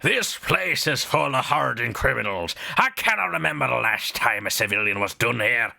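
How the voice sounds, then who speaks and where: Bright and brash, this is a burly Scottish prison governor with a gruff, brusque bark, as a streamer puts him on. His pitch swings widely, and he speaks down to people. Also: very animated, moderate pace, full character voice. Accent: put-on Scottish.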